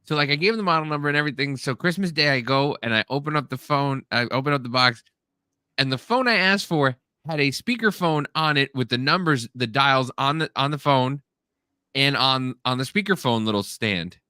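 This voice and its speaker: Animated, bright-voiced man telling stories. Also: mid-range voice, brisk, clean tone, no room sound, clean studio sound. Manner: animated storyteller, acts out family members in raised voices. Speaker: podcast co-host. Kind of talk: casual chat.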